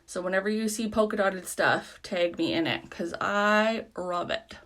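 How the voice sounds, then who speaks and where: A woman's voice: mid-range voice, a little slow, a bit bright. A woman giving a casual live makeup tutorial as a beauty product consultant, chatty, rambling and self-deprecating.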